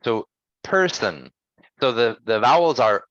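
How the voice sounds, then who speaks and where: A man teaching English pronunciation in an online lesson, patient and encouraging, gently correcting his students. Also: mid-range voice, very animated, measured pace, no echo, lo-fi sound.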